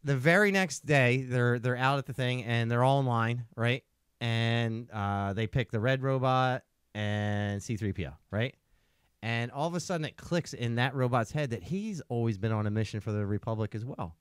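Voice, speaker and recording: A man's voice: medium pitch, normal speed, smooth, no room sound, clean studio sound. A man hosting a casual podcast, retelling a story at length and checking in with "right?" as he goes. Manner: rambling storyteller, tags lines with "right?". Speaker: podcast host.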